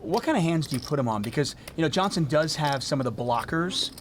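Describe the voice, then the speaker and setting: A man's voice: a little high, expressive, fast talker. Male poker commentator, joking banter. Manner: joking, chatty. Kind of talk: play-by-play commentary. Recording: noticeable background noise.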